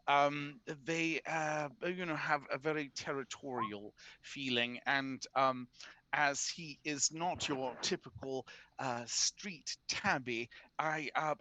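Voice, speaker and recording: A man's voice: mid-range voice, bright, forceful tone, no echo. A man playing a tabletop game, speaking in a formal, courtly way with hesitant fillers. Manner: formal, courtly in-character speech. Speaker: tabletop player.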